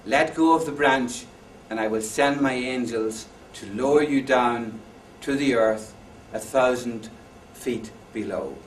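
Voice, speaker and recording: A man's voice: mid-range voice, a little slow, few pauses, a little hiss or hum, close to an everyday voice. A man voicing a solemn divine voice from the heavens with an Irish accent, speaking to a child. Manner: solemn, reassuring pronouncement. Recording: echoey hall, far from mic.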